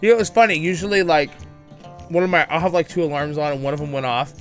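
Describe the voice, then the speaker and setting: A man's voice: fairly high pitch, fast, faint music behind. A man hosting a casual livestream, chatty and upbeat, greeting viewers by name and laughing often, with a bit of a morning voice. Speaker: livestream host.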